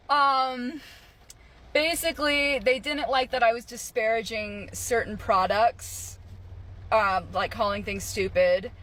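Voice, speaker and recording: A man telling a casual storytime vlog with animated, laughing delivery and some swearing. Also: extremely high pitch, takes it slowly. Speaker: content creator.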